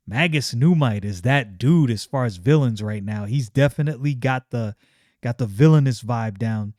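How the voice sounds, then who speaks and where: A man's voice: mid-range voice, normal speed, a little mellow, no room sound, clean studio sound. A man casually reading a comic aloud, chatting and reacting as he goes. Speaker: comic reader and commentator.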